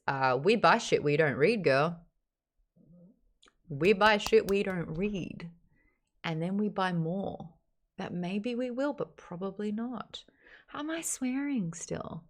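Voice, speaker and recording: A woman hosts a relaxed book club stream, her pitch bouncing animatedly as she chats. She laughs easily and drops the odd swear word in casual conversation. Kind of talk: casual livestream chat.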